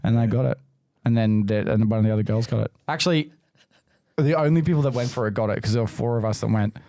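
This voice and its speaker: A young man hosting a podcast, telling stories animatedly, swearing freely and mimicking people in loud high voices. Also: fast talker, dry recording. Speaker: podcast host. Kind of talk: casual chat.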